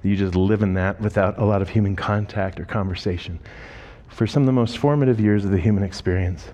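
A man's voice: on the low side, a little fast, dull audio. Man telling stories in a sermon. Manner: emotional, voice rising and breaking when moved; conversational, quotes people in lively voices. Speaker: speaker telling ministry stories. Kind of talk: sermon storytelling.

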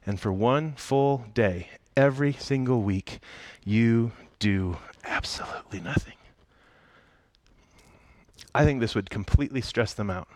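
A man's voice: medium pitch, normal speed, hardly any pauses, darkish tone, dry recording. A man preaching a sermon in a conversational, humorous storytelling way. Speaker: pastor.

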